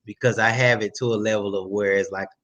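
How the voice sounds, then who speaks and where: A man's voice: on the low side, fast talker, lo-fi sound. Emphatic, profane man in casual chat. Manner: emphatic, profane, slips into animated impressions. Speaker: guest artist.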